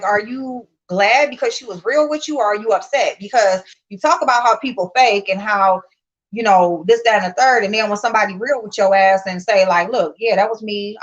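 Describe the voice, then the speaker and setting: Blunt, profane woman livestreaming. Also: medium pitch. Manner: blunt, profane, animated storytelling. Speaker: livestream host. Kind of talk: casual livestream commentary. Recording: muffled lo-fi stream audio.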